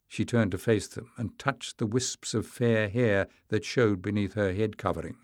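A man narrates an audiobook from a script in a steady, even storytelling style. His voice is fairly low, his pace moderate, and the clean studio recording has no room sound.

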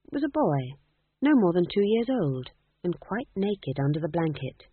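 Expressive audiobook narrator, tinny sound. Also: mid-range voice, moderate pace, husky, no room sound. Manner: expressive storytelling. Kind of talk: scripted narration. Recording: dry tinny phone-like audio.

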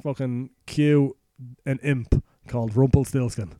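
Irish man, podcast host, loose sweary storyteller, warm dark tone, dry close sound. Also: medium pitch, fairly even intonation, a little slow, no echo. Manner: crude, sweary, rambling retelling. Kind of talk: casual comic storytelling.

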